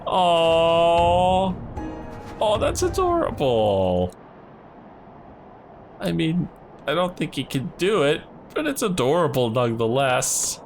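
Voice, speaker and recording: A man commentating a video game playthrough, reacting loudly and laughing often. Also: fairly high pitch, huge pitch swings, takes it slowly, pauses often. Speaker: gaming channel host. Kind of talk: let's play commentary. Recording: voice over game audio with faint music.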